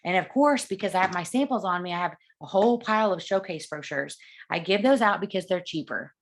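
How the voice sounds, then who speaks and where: A woman with a fairly low, expressive voice talks fairly quickly as she hands out sales tips in a relaxed coaching session. She's chatty and acts out the conversations she quotes.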